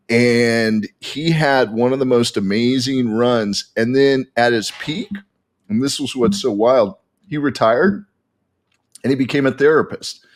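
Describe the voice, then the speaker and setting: A man as a podcast guest, telling a story in animated casual chat with frequent restarts. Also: mid-range voice.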